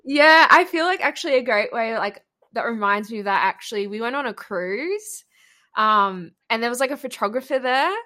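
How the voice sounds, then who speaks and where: A woman's voice: a little high, expressive, normal speed, pushed and bright. A woman interviewing in a casual chat, talking with lots of "like" and laughing often. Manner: chatty, laughing, filler-heavy.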